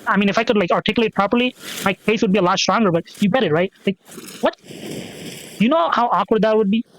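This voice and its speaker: A man's voice: high-pitched, fast, a little hiss or hum, poor audio. A man hosting a solo podcast, rambling and swearing, with lots of fillers and restarts as he repeats himself. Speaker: podcast host.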